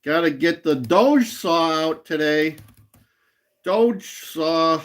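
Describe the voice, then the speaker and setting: A man hosts a casual livestream, chatting with live viewers, rambling, laughing often, and repeating a catchphrase. His voice is on the high side, and he speaks at a slow pace.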